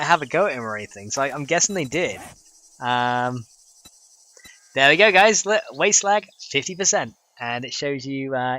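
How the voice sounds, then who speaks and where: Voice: medium pitch, a bit bright, a little hiss or hum. A streamer, chatting casually while coding a game mod, giggly and rambling and swearing freely.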